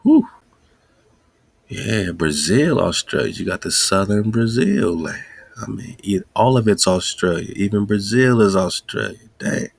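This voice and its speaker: A man hosting a podcast in a casual monologue, musing excitedly and firing off rhetorical questions. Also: on the low side, unhurried, creaky, husky, no echo. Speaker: podcast host.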